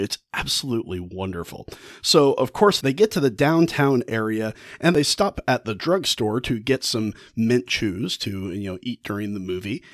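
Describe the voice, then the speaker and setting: A man casually retells a story, full of enthusiasm and halting restarts. His pitch rises and falls widely, and the sound is close and dry with no room around it. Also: no echo. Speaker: podcast host.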